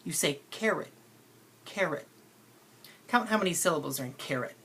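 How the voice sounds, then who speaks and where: A woman teacher talks children through a phonics lesson, patient and playful, drawing out sounds so they can hear them. Her voice is fairly low and breathy. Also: lively intonation, moderate pace, fairly bright tone.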